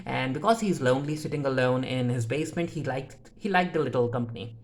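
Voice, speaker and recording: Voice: medium pitch, animated, fast talker. A reviewer recapping a TV episode in a loose, unscripted way, often breaking off with fillers and restarts and retelling each scene through the characters' lines. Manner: retells scenes in the characters' voices with "he's like" and "she's like". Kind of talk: casual spoken episode recap.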